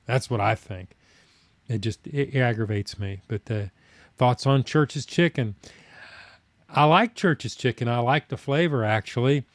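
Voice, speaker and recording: Reading through comments from his viewers, this stream host talks casually in a homespun, down-to-earth manner, padding his rambling with fillers. The recording carries no room sound, and his voice sits in the middle range.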